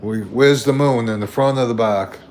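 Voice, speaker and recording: A man's voice: mid-range voice, moderate pace, darkish tone, slight background noise. A man chatting casually on a home livestream, talking in an easygoing, rambling way into a phone.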